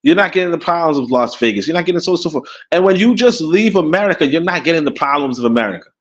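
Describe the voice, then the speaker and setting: A man's voice: on the high side, expressive, quick pace. Rambling Caribbean man on lo-fi audio. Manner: rambling, repeats words, chuckles often. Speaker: podcast co-host. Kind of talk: casual livestream talk. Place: abroad in Africa.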